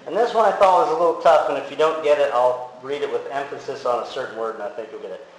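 A man preaches in a relaxed, conversational way, stumbling over words and restarting often. His voice sits at a medium pitch. The room is very echoey, with faint ambient noise behind him. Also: fast talker. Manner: conversational, many fillers and restarts. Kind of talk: casual sermon with audience quiz.

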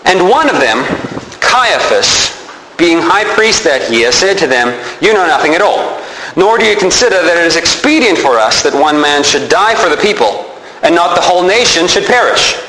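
A man's voice: fairly high pitch, big pitch swings, normal speed, bright, forceful tone. A man teaching a sermon, asking his listeners rhetorical questions and answering them himself. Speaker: preacher. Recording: echoey hall with faint background noise.

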